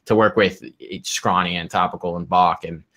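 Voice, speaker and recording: A man co-hosts an esports podcast from a home room with an air conditioner running, chatting casually and thoughtfully. He rambles with many fillers and restarts, his low voice fairly even in intonation, normal in speed, and fairly bright.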